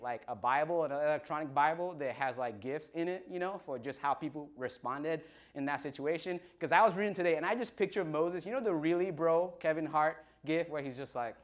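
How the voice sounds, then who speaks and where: A man preaching to an online congregation, playfully retelling scripture in modern slang and acting out the people's lines. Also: fairly high pitch. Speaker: pastor.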